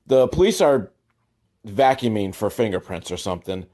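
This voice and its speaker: A man's voice: lowish voice, lively intonation, normal speed, mellow. A man hosting a comedic movie commentary, rambling with sarcastic, self-deprecating asides and many fillers.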